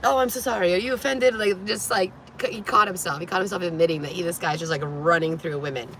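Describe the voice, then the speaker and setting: A woman in her thirties telling a story in a casual vlog, animated, laughing often, nervous and sweaty. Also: on the low side, quick pace, slight background noise. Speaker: vlogger.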